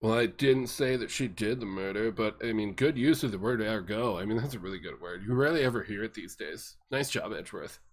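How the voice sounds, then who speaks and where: A man's voice: fairly low pitch, a little fast, hardly any pauses. A man hosting a game playthrough, reading the dialogue aloud in silly, ad-libbed voices. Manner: jokey, ad-libbing, switches into silly voices. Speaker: let's play host reading game dialogue. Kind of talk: playful voice-acting of game text. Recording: game music playing under the talk.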